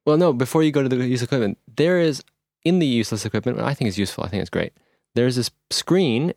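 A man co-hosting a casual podcast, excitable and easily amazed. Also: mid-range voice, quick pace, vocal fry, no echo, studio quality. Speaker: podcast co-host. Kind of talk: casual chat.

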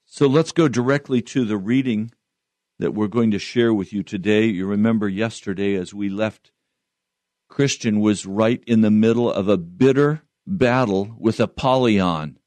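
A man's voice: lowish voice, warm tone, dry recording. A man who is a pastor, giving an earnest radio sermon and reading aloud.

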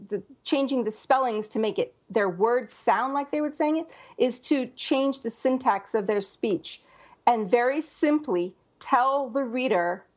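A woman with a fairly high voice co-hosts a casual podcast about writing. She talks in a chatty, loose way, circling back with fillers and restarts as she works out her points. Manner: chatty, thinks aloud with many fillers and restarts. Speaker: podcast co-host, writer.

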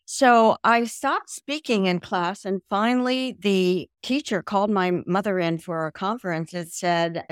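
An older woman from the American South, a guest on a video-call interview, telling her story in a lively way and mimicking voices. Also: medium pitch, measured pace, hardly any pauses, clean tone, no echo, clean studio sound. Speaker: guest, language program founder.

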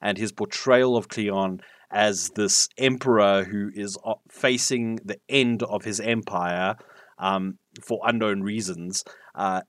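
A man's voice: fairly low pitch, steady tone, takes it slowly, no echo, clean studio sound. A man co-hosting a podcast, chatting enthusiastically about a TV series with frequent fillers and restarts. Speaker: podcast co-host reviewing TV. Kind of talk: casual podcast chat.

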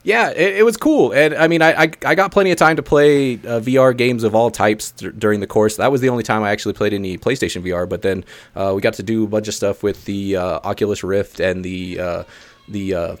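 Animated podcast co-host, dry sound. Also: male voice, on the low side, a little fast, dry recording. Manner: animated storyteller, swearing, many fillers. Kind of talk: casual podcast chat.

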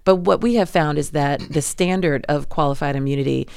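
A woman from New York City, an attorney, explaining legal ideas in a measured radio interview, with frequent fillers and restarts. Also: low voice, creaky, darkish tone, clear, resonant tone, no echo, studio quality. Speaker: civil rights attorney, guest. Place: radio studio.

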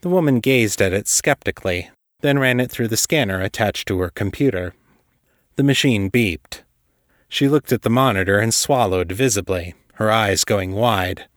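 A man narrates a story in a steady, measured manner. His voice sits low and the recording is dry and close, with no room sound. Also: dry recording. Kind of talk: scripted narration.

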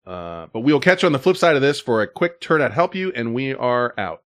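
Male host, lively pitch, loose jokey banter. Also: fairly quick. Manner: loose, joking, swears casually. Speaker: show host. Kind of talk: casual radio-show banter.

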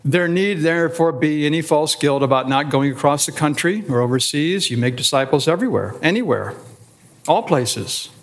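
A man, a pastor, teaching an adult Sunday school class in a deliberate way, stressing words in short listed phrases and asking rhetorical questions. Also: on the high side, lively intonation.

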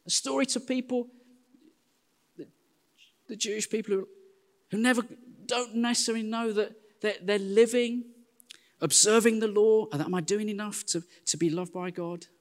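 An English man in his forties preaching a sermon in a church, telling self-deprecating stories in a lively way. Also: high-pitched, normal speed, pauses often. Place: church hall. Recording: long hall reverb.

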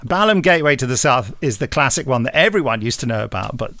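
A man's voice: medium pitch, very animated, quick pace, a bit bright, dry recording. A man with an English accent, a podcast guest chatting casually and animatedly, full of restarts and asides.

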